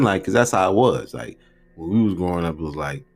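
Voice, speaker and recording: A man's voice: low voice, quick pace, a little mellow, soft background music. Rambling, slangy man telling stories. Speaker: podcast host. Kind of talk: casual storytelling podcast.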